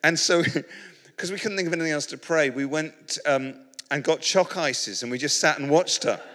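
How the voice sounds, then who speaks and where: A man's voice: on the high side, normal speed, pushed and bright. A British man preaching in a humorous storytelling style, rambling and self-mocking with many restarts, to an audience in a large hall. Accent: British English. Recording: reverberant hall.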